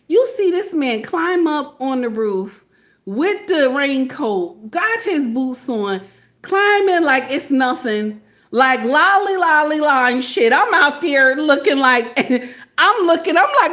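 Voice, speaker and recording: A woman hosts a reaction video in a high, bright register. She talks loudly and theatrically, cursing freely and laughing at her own stories. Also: sing-song, unhurried. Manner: loud, theatrical, swears and laughs often. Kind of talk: animated reaction commentary.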